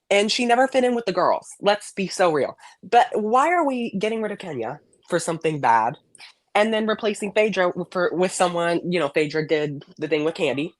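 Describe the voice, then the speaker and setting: A man's voice: high voice, lively intonation, moderate pace, no room sound. A man calling in to a live stream, chatting casually and gossiping with sassy, emphatic jokes. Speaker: caller. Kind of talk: casual chat as a call-in guest.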